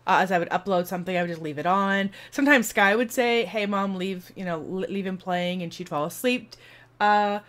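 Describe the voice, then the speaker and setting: A woman streamer chats to her viewers and tells a long, rambling story. She acts out the voices as she goes, with lots of fillers and restarts, in a casual, animated way. Her voice sits at a middle pitch for a woman. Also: fairly quick. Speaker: streamer and video host.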